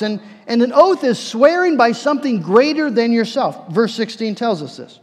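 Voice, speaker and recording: A man preacher delivering a sermon, emphatic, repeating words and slowing down for key phrases. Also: very high-pitched, expressive, a little mellow. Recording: long hall reverb.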